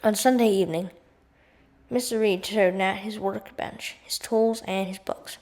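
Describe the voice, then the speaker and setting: A woman reading a storybook aloud for home study, careful and steady at a middling pitch. She sometimes goes back over a word to get it right. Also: a little slow. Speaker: audiobook reader. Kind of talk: read-aloud storybook narration.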